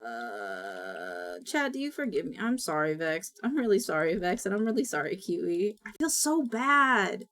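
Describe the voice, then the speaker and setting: A woman's voice: lowish voice, very animated, moderate pace. A young woman streamer chatting casually, rambling and apologetic with lots of filler words. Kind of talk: casual live-stream chat.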